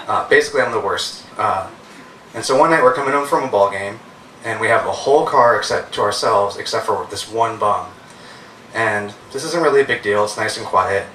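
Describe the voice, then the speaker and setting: A man's voice: on the low side, sharp tone, slight background noise. A man in his thirties telling funny, self-mocking stories, casual and profane, at a live stage event. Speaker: storyteller. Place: live stage venue with an audience. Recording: roomy hall, heard from a distance.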